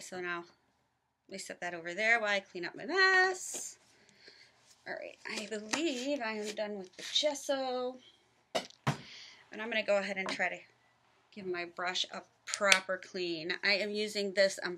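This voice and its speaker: A woman's voice: medium pitch, lively intonation, normal speed, long pauses, heavy background noise. A woman from the American South giving a chatty, casual craft tutorial in her home office, narrating each step with self-deprecating asides. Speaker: craft vlogger.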